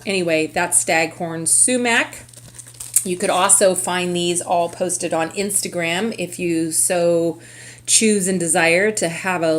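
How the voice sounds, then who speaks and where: A middle-aged woman from California hosting her own craft vlog, talking casually in a chatty, rambling way with lots of fillers. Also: on the low side. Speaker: craft vlogger. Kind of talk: casual chat.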